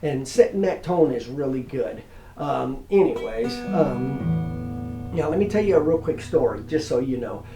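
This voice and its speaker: A man's voice: mid-range voice, expressive, measured pace. A middle-aged man giving a casual guitar lesson at home, chatting and rambling in a folksy way. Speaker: guitar teacher. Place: home room. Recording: roomy home recording with guitar. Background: acoustic guitar strumming.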